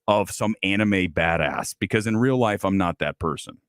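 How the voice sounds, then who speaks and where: A man's voice: low voice, normal speed, clear, resonant tone, no echo, studio quality, pitched below the performer's own voice, lightly acted. A man voicing a smug male online troll who talks in a self-pitying sneer.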